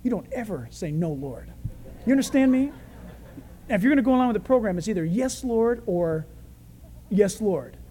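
A preacher acting a stern, scolding teacher. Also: male voice, high-pitched, expressive, normal speed, long pauses, warm tone, a little hiss or hum. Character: stern teaching male master scolding a disciple.

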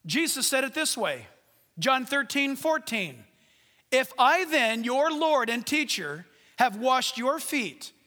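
A man preaches from a church stage in a high, bright voice, the words ringing out with a long reverb from the sanctuary. He tells stories with humor, dropping to hushed asides before rising into loud exhortation. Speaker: pastor. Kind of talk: sermon.

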